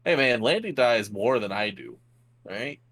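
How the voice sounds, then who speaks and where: A young man co-hosting a podcast, speaking in a low-key, casual way. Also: lively intonation, a little slow, fairly bright tone, no room sound. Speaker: podcast co-host. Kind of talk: casual chat.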